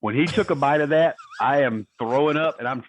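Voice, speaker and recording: On a remote call, a podcast guest with a slightly high voice talks briskly, sharing profane, laughing anecdotes in a casual storytelling way. The audio sounds tinny like a phone line, with a little hiss or hum.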